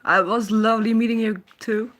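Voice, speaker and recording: A woman's voice: a little high, fairly even intonation, fairly quick, fairly bright tone. Chatty Dutch-accented woman streaming. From Netherlands. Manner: chatty, laughs often, reads chat aloud. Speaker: live stream host. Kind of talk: casual live stream chat. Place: her home.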